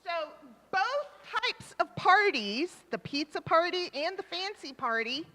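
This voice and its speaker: A woman with a high, bright, very animated voice leads a children's talk in church. She speaks slowly and encouragingly, asking questions and echoing the children's answers. The sound carries with a long reverb off the church hall. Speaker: leader of a children's time in a church service. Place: church sanctuary. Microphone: microphone.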